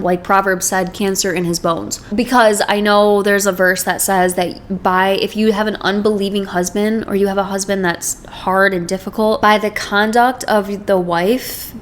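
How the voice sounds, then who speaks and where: A woman's voice: medium pitch, a little hiss or hum. A young woman talking to camera in an earnest, emphatic and chatty way, with many "like"s. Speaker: video host. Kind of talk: casual faith-based talk to camera.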